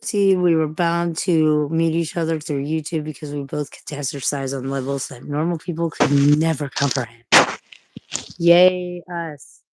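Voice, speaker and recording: A woman's voice: sits low, steady tone, normal speed, hardly any pauses, warm tone, slight background noise, rough recording. A woman vlogger in casual, rambling chat who swears freely and coos at her pets in baby talk.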